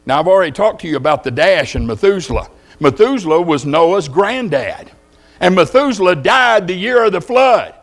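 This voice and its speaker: An older man with a drawl preaches with folksy humor, spinning homespun tales. His voice sits high for a man and swoops up and down with animation. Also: sing-song, normal speed. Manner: folksy storytelling with jokes. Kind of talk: sermon.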